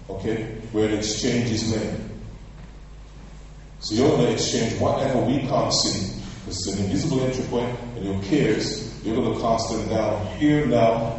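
A man preaching a sermon as pastor, emphatic and calling out for responses, drawing key phrases out slowly and repeating them. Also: on the low side, a little mellow, far from the mic, slight background noise. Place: church sanctuary. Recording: echoey church hall, voice from afar.

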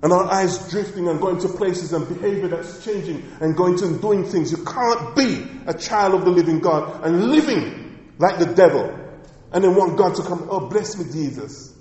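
A male pastor preaches with emphatic repetition and keeps asking the congregation questions. His voice sits a little higher than most men's. It rings through a large hall with long, lingering reverb. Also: normal speed, darkish tone, muffled recording. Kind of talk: sermon.

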